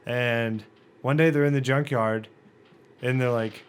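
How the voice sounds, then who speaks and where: A young man on a podcast, telling stories casually in an animated way, and high while he talks. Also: measured pace, smooth. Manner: animated storytelling, laughing. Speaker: podcast co-host. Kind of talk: casual chat.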